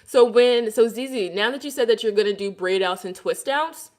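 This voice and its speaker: A woman's voice: fairly high pitch, moderate pace, a little mellow, reverberant. A woman from Brooklyn, New York, with a Brooklyn accent, chatting casually to livestream viewers and answering their comments with hair care advice.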